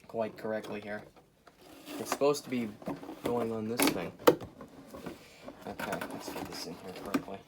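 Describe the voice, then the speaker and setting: A man hosting a casual repair video, rambling and joking to his viewers as he works, often away from the camera and now and then breaking into loud bursts. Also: medium pitch, noisy background. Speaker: hobbyist video host repairing a clock. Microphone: camera mic, speaker often away from camera.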